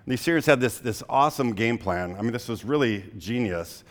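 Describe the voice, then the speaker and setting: A young adult man preaching a sermon as a pastor, in a relaxed conversational way, full of fillers, telling personal stories. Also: mid-range voice, brisk, hardly any pauses. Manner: conversational, frequent "like" fillers, storytelling. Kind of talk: casual sermon.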